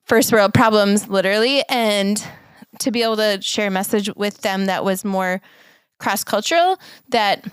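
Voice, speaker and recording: Earnest american woman chatting on a podcast, smooth voice, dry close sound. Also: mid-range voice, moderate pace, no room sound. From United States. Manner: earnest, reflective, laughs often. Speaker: podcast co-host. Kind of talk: casual chat.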